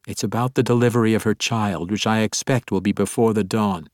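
A man voicing a proud elf priestess woman in an audiobook, speaking in a measured, solemn and formal way. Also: lowish voice, fairly even intonation, no room sound, clean studio sound, lightly acted.

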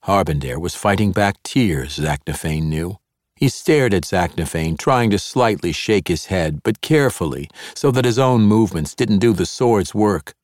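A man narrating a fantasy novel in a steady, measured way on a close studio mic. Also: low-pitched, dry recording. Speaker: audiobook narrator.

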